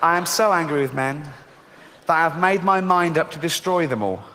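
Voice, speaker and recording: A middle-aged man doing stand-up, mocking and sweary, jumping to shrill outraged shouts on a theatre stage mic. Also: moderate pace, noisy background. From England. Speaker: stand-up comedian. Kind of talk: stand-up comedy. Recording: live theatre sound with hall reverb and audience.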